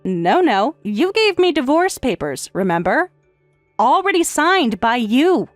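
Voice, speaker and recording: A woman voicing a calm, sarcastic wife in a text-message story, speaking in a matter-of-fact way. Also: sits high, unhurried, dry recording, faint music behind. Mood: cool, sarcastic. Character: calm, sarcastic wife who has left her husband.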